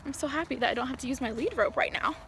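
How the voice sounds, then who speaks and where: A woman's voice: sits high, very fast, fairly bright tone, slight background noise. A woman vlogger chatting casually and talking sweetly to her horse out in a paddock. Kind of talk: casual vlog chat.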